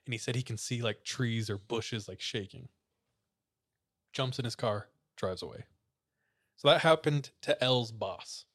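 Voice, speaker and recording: A man's voice: medium pitch, unhurried, long pauses. A man casually retelling a creepy story, full of fillers. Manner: relaxed storyteller, many "like" fillers.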